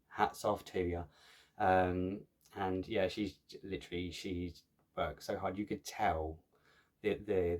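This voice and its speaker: A man with a slightly low voice talks casually to his viewers as a cross-stitch vlogger. He rambles in a friendly way, cracks jokes that fall flat and then laughs at himself. His speech is full of ums, uhs and false starts. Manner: chatty, jokey, self-mocking, many fillers. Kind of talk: casual chat to camera.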